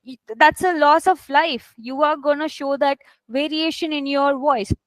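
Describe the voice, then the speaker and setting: High-voiced woman teaching a live class. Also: fairly even intonation, no echo, poor audio. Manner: chatty, addresses students as guys, many okays; models reading aloud with stressed words and pauses. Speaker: English test instructor.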